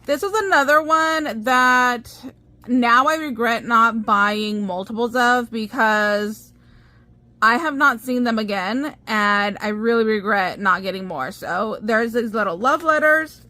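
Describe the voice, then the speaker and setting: A woman's voice: fairly high pitch, a little slow, sharp tone, dry recording. A young American woman chatting casually to her viewers as a craft vlogger, gushing and bubbly. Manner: bubbly, gushing, talks to viewers as you guys. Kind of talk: casual haul chat.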